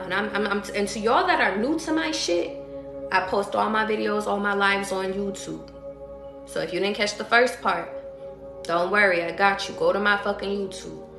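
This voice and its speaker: A woman's voice: mid-range voice, creaky. Blunt, profane woman preaching on a livestream. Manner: blunt, profane, emphatic, repeats herself, preaches to her audience. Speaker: tarot reader. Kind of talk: live-stream motivational rant. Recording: roomy echo with faint music behind.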